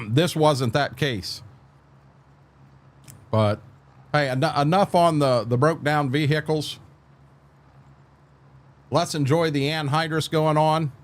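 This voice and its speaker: An older man giving casual commentary as a game streamer, halting and repeating words as he thinks. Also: fairly high pitch.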